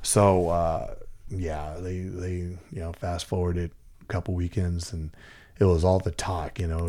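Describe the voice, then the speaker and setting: A man's voice: low voice, steady tone, normal speed. A middle-aged man from Central California telling a story in casual chat, rambling and profane, with lots of fillers and restarts.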